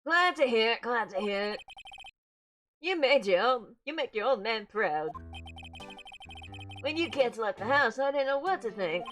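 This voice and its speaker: A woman voicing an eccentric, doting older man who speaks loudly and drags out his words, with game music behind. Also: fairly high pitch, animated, a little slow, long pauses, voice pushed up. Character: eccentric rambling old man, doting father figure.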